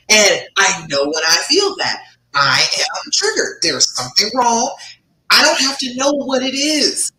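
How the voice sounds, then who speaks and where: A woman coach talks on a live stream with a lively, rising and falling voice. Her tone is bright and forceful. The room is echoey, with a faint rumble underneath. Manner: animated, emphatic, swings between loud and soft. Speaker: relationship coach.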